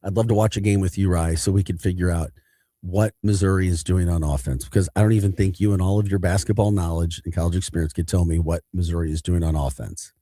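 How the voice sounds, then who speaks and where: A man's voice: low-pitched, steady tone, quick pace, dark tone, no echo, clean studio sound. A man in his thirties with a St. hosting a morning sports talk show, opinionated and emphatic, often laughing. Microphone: studio mic.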